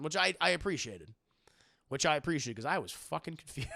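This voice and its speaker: A man chatting casually on a livestream, swearing freely and loudly imitating game lines. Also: on the high side, moderate pace, creaky, no echo, clean studio sound. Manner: profane, animated, quoting game lines in loud voices. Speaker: streamer answering viewer questions.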